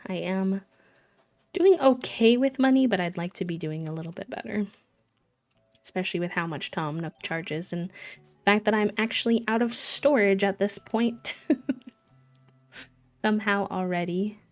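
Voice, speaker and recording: A woman's voice: medium pitch, normal speed, pauses often, faint music behind. A woman streamer in casual live-stream chat, cozy and chatty, greeting viewers by name as she plays.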